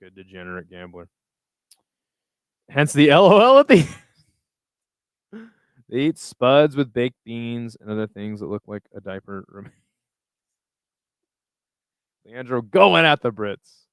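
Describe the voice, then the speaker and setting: A man's voice: medium pitch, very animated, unhurried, long pauses, smooth, dry recording, studio quality. A man hosting a casual live chat, reading and reacting to viewer messages in a loose, laid-back way with plenty of swearing. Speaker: livestream host reading chat.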